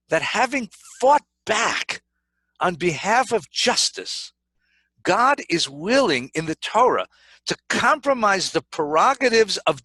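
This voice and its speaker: A middle-aged male rabbi lecturing with animated, dramatic storytelling. His voice is bright and swoops widely in pitch, and the sound is close and dry. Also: dry recording. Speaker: rabbi, keynote speaker. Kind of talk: lecture on scripture. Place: synagogue lecture.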